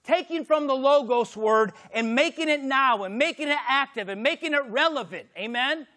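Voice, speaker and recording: A man preaching a sermon as pastor, swinging from shouted exclamations to hushed, intimate lines. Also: very high voice, normal speed.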